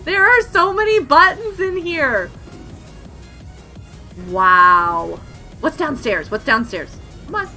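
A young woman streaming gameplay, excitable and giggly as she exclaims over what she finds. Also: sits high, slow, long pauses. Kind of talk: live gameplay commentary. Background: game music.

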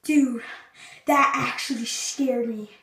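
A woman vlogging casually, jittery and excitable, sometimes dropping to a hushed voice. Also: fairly high pitch, slow pace. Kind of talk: casual video narration. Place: small bathroom, lights off. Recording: echoey bathroom, faint noise.

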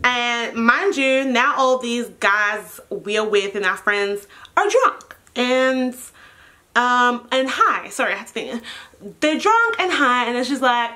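Young woman vlogger, high voice, lively casual storytelling, unfiltered language. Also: slow. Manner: animated and expressive, swearing freely.

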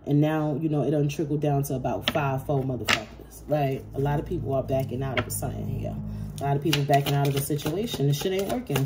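Woman tarot reader, low voice, blunt cursing, casual reading, noisy card shuffling behind. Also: fast talker. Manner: profane, blunt and laughing.

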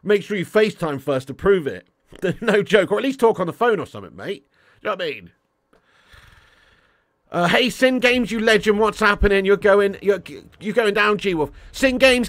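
A young man talks fast and excitably on his live stream while playing a football game. His voice sits fairly high for a man, and he jumps between cheeky banter, trash talk and loud thanks to viewers. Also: dry recording. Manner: excitable and cheeky, swears, calls viewers legend and mate.

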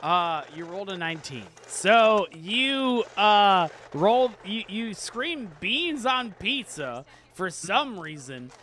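A man narrating as game master of a comedy tabletop game, joking quickly and voicing side characters. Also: high-pitched, sing-song, fairly bright tone, a little hiss or hum.

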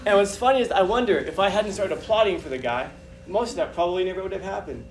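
A man giving a talk to an audience, telling animated personal stories with a chatty, repetitive manner. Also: high-pitched, fast talker, crowd noise. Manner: animated, chatty, repeats phrases. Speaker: guest speaker. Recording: distant mic with background noise.

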